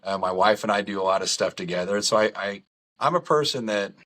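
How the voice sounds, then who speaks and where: Bright, forceful middle-aged man. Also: lowish voice, fast talker. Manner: lively storytelling, candid and self-deprecating. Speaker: podcast guest. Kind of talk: casual chat.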